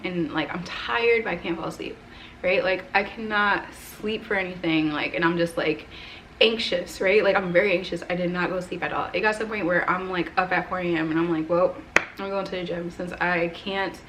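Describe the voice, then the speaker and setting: Woman in her 20s, lower voice, rambling story to camera, lots of "like", faint hiss behind. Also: a bit bright. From United States. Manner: rambling, heavy use of "like" and "right?". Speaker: vlogger. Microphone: camera mic.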